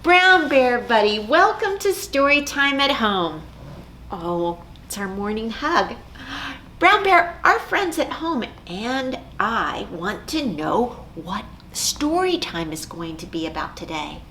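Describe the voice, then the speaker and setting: A woman leading a children's storytime as a librarian, singing songs and chanting rhymes in a slow, sing-song way. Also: mid-range voice, very animated, bright, forceful tone, slight background noise. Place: library program recorded at home.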